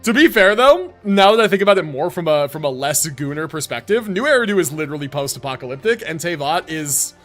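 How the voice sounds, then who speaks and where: Animated, joking male game streamer. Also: on the high side, fast, hardly any pauses. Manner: profane, joking and rambling. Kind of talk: casual live-stream commentary. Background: game music.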